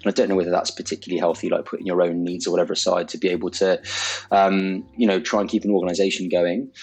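A man's voice: low-pitched, level tone, fast talker, darkish tone, breathy edge. A man, an emergency doctor hosting a podcast, chatting candidly and reflectively, swearing now and then. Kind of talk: casual chat.

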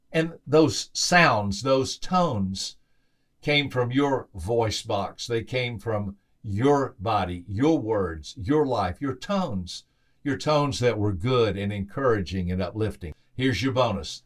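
Speaking slowly in a mid-range voice, a male podcast host delivers a motivational tale built on emphatic, repeated phrases. As a motivational speaker, he performs the quoted lines with lively upward lifts.

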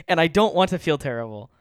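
A man's voice: medium pitch, smooth, no echo, clean studio sound. A man giving a casual faith talk. He chuckles often and rambles, restarting his sentences.

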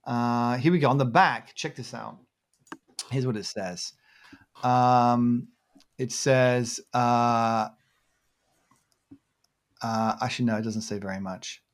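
A man's voice: medium pitch, fairly even intonation, slow pace, long pauses. Rambling, laughing man chatting casually. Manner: rambling, self-deprecating, laughs often. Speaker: podcast host. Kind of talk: casual chat.

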